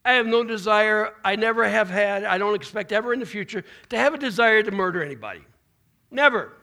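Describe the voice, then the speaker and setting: Male pastor, high voice, gravelly, casual sermon with restarts. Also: fairly quick, bright, forceful tone. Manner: informal preaching with restarts and folksy asides. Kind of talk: conversational sermon.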